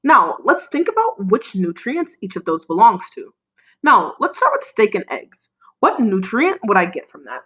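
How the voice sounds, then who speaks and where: A woman with a mid-range voice teaches a recorded lesson to young children, her pitch rising and falling in a lively way. She speaks clearly and encouragingly, using call-and-response and pausing for them to answer, though the audio is poor.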